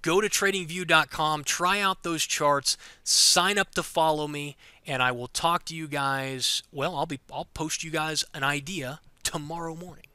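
A man teaching pattern trading while walking through charts, talking fast and direct. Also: a little high, fairly even intonation, bright, forceful tone, clean tone, no room sound. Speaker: trading educator. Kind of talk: screen-recorded chart walkthrough.

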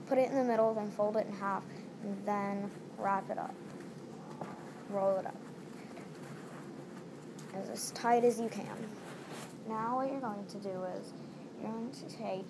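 A woman's voice: medium pitch, steady tone, measured pace, creaky, long pauses. A woman talking casually through a step-by-step craft tutorial at home, repeating each step as she goes. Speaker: DIY tutorial maker. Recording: noisy home recording.

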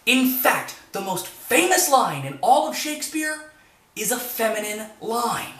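Young teacher explaining poetry, bright bouncy voice, a bit off mic in a roomy space. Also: mid-range voice, unhurried, distant mic. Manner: lively, wry, emphatic when stressing rhythms. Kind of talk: casual lecture on verse. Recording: echoey room, slightly off mic.

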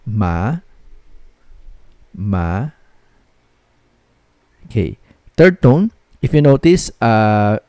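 Filipino male teacher, casual code-switching explainer, mellow voice, dry recording. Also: mid-range voice, no echo. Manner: switches between English and Tagalog; repeats checks like "okay?" often. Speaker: language teacher. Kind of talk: casual video lesson.

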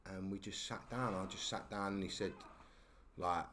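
A man's voice: low-pitched, fairly even intonation, moderate pace, fairly bright tone, slight background noise. A man with a London accent telling a story as a podcast guest, in slangy casual talk that keeps checking in with "yeah?". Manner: slangy, tags lines with "yeah?".

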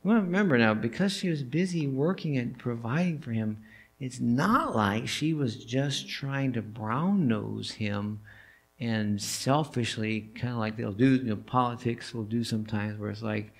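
A male pastor preaching a sermon in a church, telling the story in an animated way and asking the listeners questions. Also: medium pitch, moderate pace, vocal fry. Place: church sanctuary.

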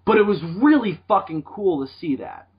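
A husky-voiced podcast co-host chats loosely and casually at a moderate pace, his pitch rising and falling as he works through ideas. He's rambling and animated, frequently restarting mid-sentence, and the audio is dull and lo-fi.

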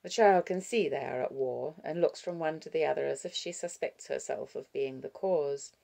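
A woman reading a novel aloud as an audiobook narrator, in a measured and expressive way. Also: low voice, vocal fry. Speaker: audiobook reader. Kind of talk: scripted narration.

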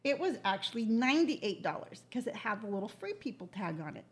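A woman in her sixties hosting a casual live show, chatting and telling stories in an animated way. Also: mid-range voice, a little fast. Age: 60s. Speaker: livestream host. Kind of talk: casual chat.

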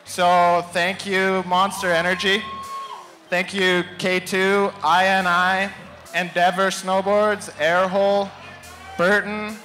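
A young man, speaking in a notably high voice. He introduces his friends with goofy, deadpan jokes in a loose, casual acceptance speech. Faint music plays behind him at an awards-night bar. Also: takes it slowly. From Canada.

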